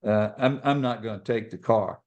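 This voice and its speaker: A man voicing a calm elderly father. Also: fairly low pitch, highs cut off, close to an everyday voice. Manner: calm, measured, plainspoken.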